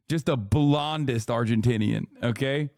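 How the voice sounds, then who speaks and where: A man in his thirties riffs sarcastically as he reacts to a clip on a live stream, often breaking into jokes. His voice is mid-pitched, and the sound is close and dry. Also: slow pace, a little mellow, no echo. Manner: sarcastic, joking, laughs often. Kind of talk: casual live-stream commentary.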